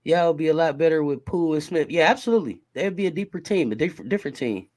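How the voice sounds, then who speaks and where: A man's voice: on the high side, fast, a little mellow. A man hosting a casual sports chat, laid-back and quizzing his guests. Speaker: host.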